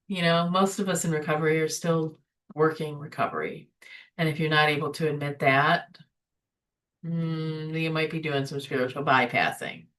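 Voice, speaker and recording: A woman with a fairly low voice leads an informal spiritual webinar. She speaks conversationally and keeps checking in with "right?" and "you know". Her voice sounds a little distant from the microphone. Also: normal speed, fairly bright tone. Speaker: recovery webinar host. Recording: voice somewhat distant from the mic.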